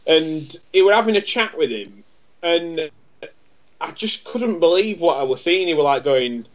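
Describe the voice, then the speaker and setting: Rambling man, slightly high. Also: expressive, measured pace. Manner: rambling, stumbles and repeats words. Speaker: podcast co-host. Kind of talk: casual chat. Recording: dull lo-fi sound.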